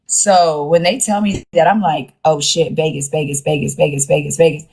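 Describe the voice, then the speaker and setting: A woman's voice: sits low, fairly even intonation, moderate pace, creaky, darkish tone, slightly rough. A young woman casually telling a rambling story to her live-stream viewers from her phone, slangy and acting out what others said. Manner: chatty and rambling, slangy, acts out quoted voices.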